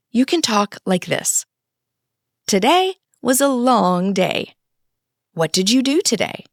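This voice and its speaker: Brief: woman teacher, slow delivery, dry close mic, simple lesson narration. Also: fairly high pitch, dry recording. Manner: plain, simple sentences with acted example dialogues. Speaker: English teacher.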